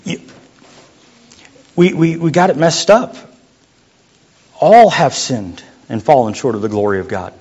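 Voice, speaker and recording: A young adult man preaching a sermon as a youth pastor, in a conversational, joking way that sometimes drops to a quiet voice. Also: medium pitch, very animated, unhurried, long pauses, slightly rough. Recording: muffled lo-fi sound.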